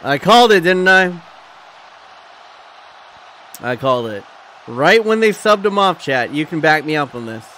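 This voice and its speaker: A man hosting a live watchalong stream, commentating excitedly and profanely, shouting at big moments and chatting with his viewers. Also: fairly high pitch, a little slow, pauses often, a little hiss or hum. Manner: talks to his chat and thanks viewers.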